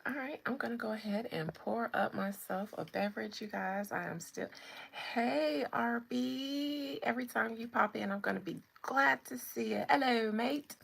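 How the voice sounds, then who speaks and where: A woman hosting a live spiritual chat stream, talking casually and greeting viewers by name in a relaxed way. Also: medium pitch, a little fast, creaky, hardly any pauses, husky.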